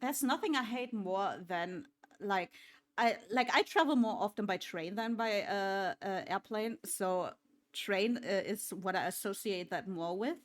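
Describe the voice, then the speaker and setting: A woman streaming and reacting in a casual, blunt way. She swears freely as she chats. Her voice sits at an average pitch for a woman. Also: measured pace.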